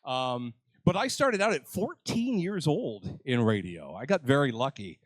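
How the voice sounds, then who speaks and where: A man's voice: mid-range voice, very animated, unhurried, no echo. An older man hosting a live convention panel, joking with the crowd and mocking himself. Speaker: panel host. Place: convention stage.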